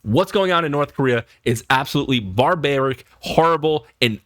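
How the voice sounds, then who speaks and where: Brief: American man, reaction host, animated and jokey, dry close mic. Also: fairly high pitch, brisk, few pauses, no echo. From United States. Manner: joking, emphatic, talks straight to viewers. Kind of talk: casual commentary.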